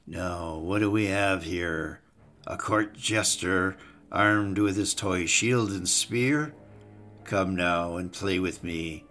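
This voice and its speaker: Man playing a sneering raider boss, low and slow, nasty villain. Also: sharp tone, faint music behind, exaggerated voice. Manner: sneering, contemptuous. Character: sneering male gladiator raider chief, vengeful.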